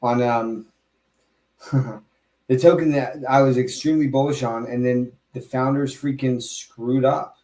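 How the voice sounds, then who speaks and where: A man hosting a casual podcast leans hard on emphasis, slipping into quick asides and reworking his sentences mid-thought. He has a mellow, mid-range voice with a steady tone, and the room echoes noticeably.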